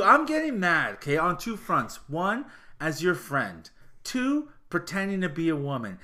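A man's voice: sits high, measured pace. A man co-hosting a casual podcast chat, ranting animatedly with plenty of swearing. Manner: animated, profane ranting with laughter. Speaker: podcast co-host.

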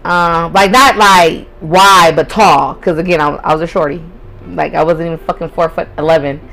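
A woman's voice: fairly low pitch, steady tone, normal speed, fairly bright tone, soft background music, poor audio. A young woman hosting a podcast, telling a personal story in a candid, profane way and laughing often. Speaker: podcast host. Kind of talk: casual storytelling.

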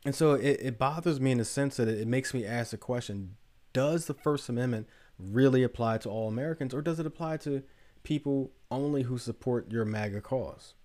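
A man's voice: medium pitch, a little mellow. A man hosting a podcast, telling a story in a casual monologue full of rhetorical questions. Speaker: podcast host.

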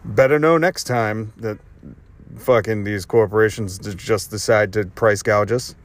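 A man's voice: fairly low pitch, measured pace. A man hosting his own podcast, delivering a rambling, sarcastic and profane solo rant. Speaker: podcast host. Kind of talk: ranting monologue.

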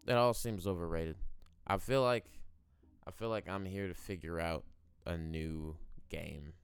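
A young podcast host in his twenties, with a deep, gravelly voice, rambles through an unscripted solo monologue, musing aloud and swearing while he smokes. The recording has no room sound.

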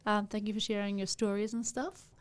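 A woman's voice: mid-range voice, little pitch movement, fairly quick, smooth. A woman hosting a casual podcast chat, giggly and chatty, with frequent ums. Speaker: podcast host.

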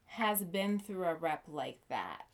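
Lady hosting a chat, lowish voice, lots of likes and ums. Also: sing-song, takes it slowly. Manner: rambling, many "like" and "um" fillers. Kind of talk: casual chat.

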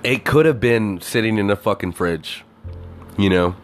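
A man with a fairly low voice tells a story as a loose, expletive-heavy rant. He keeps throwing in "like" and "you know" as he goes. Faint music plays behind him. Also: normal speed. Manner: animated, heavy swearing, many fillers.

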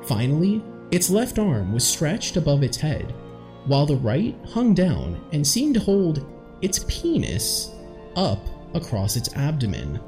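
A young man hosts a casual mystery podcast, cracking jokes between facts. His pitch swings up and down a lot. The recording has noticeable echo with faint music under it. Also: huge pitch swings, a little slow, a little mellow. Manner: jokey, lots of fillers and laughter. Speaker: podcast host. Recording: echoey home recording.

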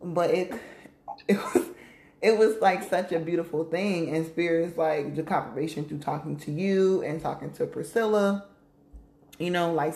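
Low-voiced woman chatting in an echoey room. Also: moderate pace, darkish tone. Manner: candid, profane, laughs often. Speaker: podcast co-host. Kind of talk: casual chat.

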